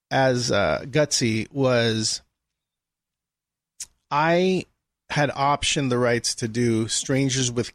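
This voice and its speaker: A man's voice: mid-range voice, no room sound, studio quality. A man as a guest, telling a story in a casual conversation and acting out the people he quotes. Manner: animated anecdote-telling, acts out quoted dialogue.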